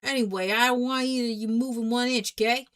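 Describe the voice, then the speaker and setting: A woman doing a blustery male cop with a slow, clipped drawl. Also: a little high, steady tone, a bit bright, a little hiss or hum, natural voice. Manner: slow, clipped cop talk with a tacked-on "see?". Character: gruff male police detective, loud and blustery.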